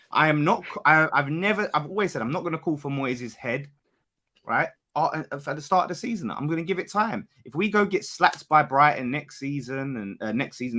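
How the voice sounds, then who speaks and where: A man, an animated football fan pundit who swears and rants in casual podcast banter. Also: a little high. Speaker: West Ham fan pundit.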